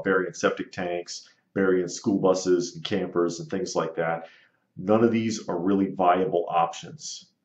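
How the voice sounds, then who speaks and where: A man hosting his own channel, bluntly and sarcastically answering rude viewer comments in casual commentary. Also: sits low. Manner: blunt, sarcastic, dismissive of critics. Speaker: channel host. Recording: roomy, slightly dull audio.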